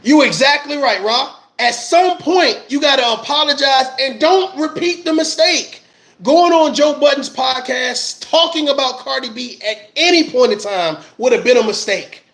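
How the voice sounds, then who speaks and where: A man with a strikingly high voice gives fired-up commentary to his viewers. He rants with passion and circles back to the same phrases over and over. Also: lively intonation, normal speed, a bit bright. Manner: impassioned ranting with repeated phrases. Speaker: army veteran commentator. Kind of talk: heated livestream commentary.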